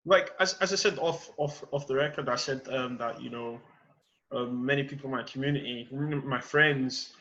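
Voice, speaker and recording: A young man from London speaks earnestly and thoughtfully as a podcast host. His voice has a mid pitch and comes through a dull, lo-fi recording. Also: moderate pace, fairly bright tone. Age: young adult. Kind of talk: casual interview chat.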